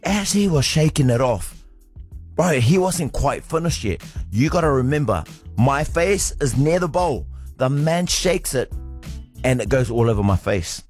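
A man, a radio co-host in his thirties, telling a funny story in animated, laughing casual chat. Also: medium pitch, a little slow, faint music behind.

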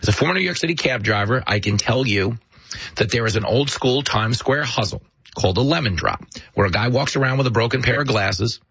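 Animated, husky-voiced male commentator. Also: medium pitch, brisk, dry recording, muffled recording. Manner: animated, mocking storyteller. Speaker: show host. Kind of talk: political commentary monologue.

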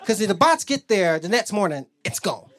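A man's voice: high voice, sing-song, fairly quick. Brash, profane stand-up comedian man. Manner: brash, profane storytelling with loud character bits. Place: comedy club stage.

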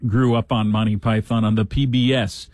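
A man's voice: lowish voice, little pitch movement, moderate pace, darkish tone, no room sound, clean studio sound. A man hosting a talk show, giving casual news commentary with sarcastic, joking asides.

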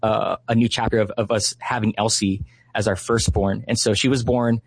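A man's voice: fairly low pitch, little pitch movement, moderate pace, gravelly. A man in his thirties from Hawaii, a guest in an interview, telling a story earnestly and passionately with lots of fillers. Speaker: guest, Christian activist.

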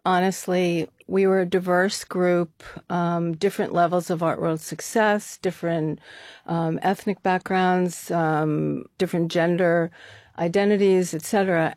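An older woman speaks low in her voice, with a gravelly edge at the bottom. She is chatty and laughs a lot, filling pauses with "um" and "you know". The sound is dry and close. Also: a little mellow, no room sound. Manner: laughs often, chatty, many fillers. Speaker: guest, art activist co-founder. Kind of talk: casual interview talk.

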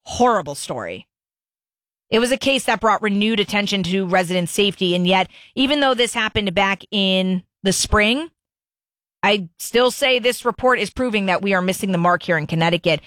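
A woman talk radio host speaking straight to her listeners, pressing her points with repeated words and firm stress. Her voice sits at a middle pitch and sounds close and dry, with no room around it. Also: animated, normal speed, a bit bright, no room sound. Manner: emphatic, repeats herself for stress. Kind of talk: opinionated talk radio monologue.

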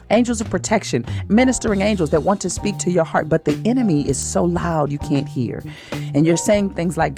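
A woman hosting a morning radio show, giving slow, soothing, preacherly encouragement with faith talk. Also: sits low, mellow. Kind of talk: inspirational morning devotional talk.

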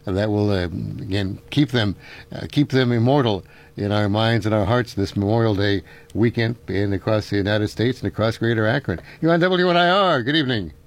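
A man's voice: fairly low pitch, moderate pace. A man, hosting a local radio call-in show in a rambling, folksy way with frequent chuckles. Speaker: radio talk show host.

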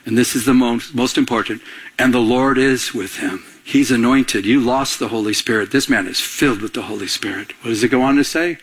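A man, a pastor, preaching a sermon in a conversational, animated way that dramatizes scenes. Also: mid-range voice, brisk, husky.

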